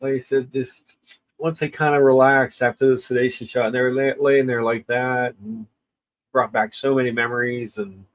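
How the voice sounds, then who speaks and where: A man's voice: mid-range voice, little pitch movement, poor audio. Tearful man crying through casual chat. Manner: halting, tearful, many restarts and pauses. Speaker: livestream host. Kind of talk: casual livestream chat with viewers.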